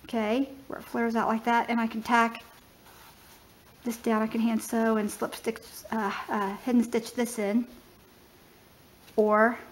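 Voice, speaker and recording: A woman's voice: on the high side, level tone, a little slow, long pauses. A middle-aged woman talks her way through a house under renovation, casual and conversational. She thinks aloud with fillers and small restarts as she goes. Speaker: homesteading vlogger. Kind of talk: casual home tour narration. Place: house under remodel, indoors.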